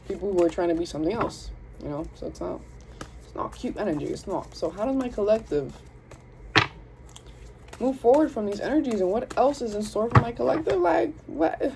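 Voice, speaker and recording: Over a noisy background, a Southern US tarot reader, a young woman, speaks briskly at medium pitch with lively intonation. Her reading is casual and chatty, full of slang and self-interruptions as she addresses spirit and her viewers.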